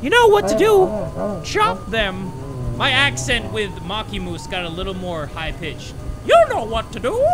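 A man putting on a high cartoon mouse voice as a bossy ship captain who barks orders and insults. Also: wildly swooping pitch, unhurried, over loud music, full character voice. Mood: shouty bossing.

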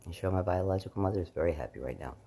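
A middle-aged woman vlogging casually at home into a camera, rambling and emotional, swinging from loud outbursts to hushed pleas. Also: rumbling low, lively intonation, rapid-fire, slightly rough. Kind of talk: casual spiritual vlog.

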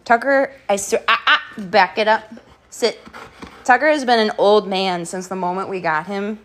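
A woman hosting a home live stream, playfully giving her dogs quick commands and thanking viewers, a bit out of breath. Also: mid-range voice, a bit bright. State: slightly out of breath. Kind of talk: live stream chat while training dogs.

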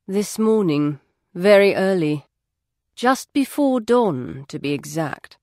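A woman voicing a calm, loyal male confidant who speaks in a soft, measured, reassuring way in an audiobook. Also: medium pitch, no echo, clean studio sound. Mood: grave.

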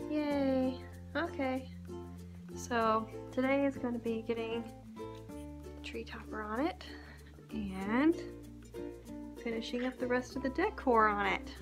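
Woman, high voice, chatty and cheerful, casual home vlog, handheld camera, music behind. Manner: chatty, cheerful, talking to camera while doing chores. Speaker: vlogger. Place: family home, indoors. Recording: home video with music over it.

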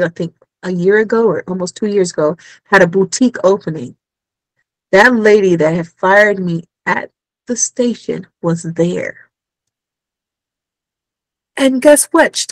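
Guest voice: woman, Caribbean accent, lively storyteller, dry close sound. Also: medium pitch, dry recording, low-quality recording. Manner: animated, acts out quoted dialogue. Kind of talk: casual storytelling chat. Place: Los Angeles.

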